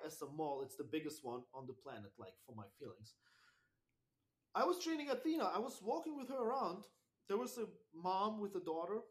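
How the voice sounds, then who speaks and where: Animated German man, slightly high voice. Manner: animated, swearing, halting non-native phrasing with many restarts. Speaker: podcast guest, dog trainer. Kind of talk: casual interview chat.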